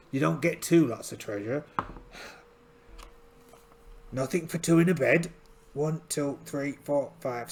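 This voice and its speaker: A man's voice: medium pitch, vocal fry, a bit bright. A man playing a solo tabletop game in a hammy pirate voice, chatty and joking at himself. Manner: chatty, self-mocking, hammy pirate talk. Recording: light music underneath.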